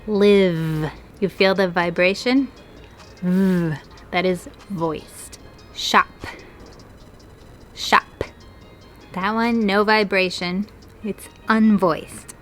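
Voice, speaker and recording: Woman teacher, very slow, clear delivery for learners, slight background hiss. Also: mid-range voice. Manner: slow, clear, careful enunciation. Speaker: English teacher. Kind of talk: pronunciation lesson.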